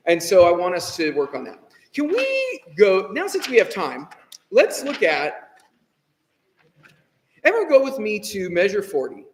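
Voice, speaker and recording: A man directing a choir rehearsal, giving brisk instructions, counting the singers in and singing syllables to demonstrate. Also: high voice, huge pitch swings, a little hiss or hum. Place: rehearsal hall. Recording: roomy hall with long reverb, from far off.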